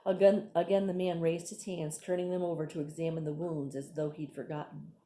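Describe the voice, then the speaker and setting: Woman reading a story aloud, low and mellow. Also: flat delivery, roomy sound, slight background noise. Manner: plain, unhurried reading with asides to listeners. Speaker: reader.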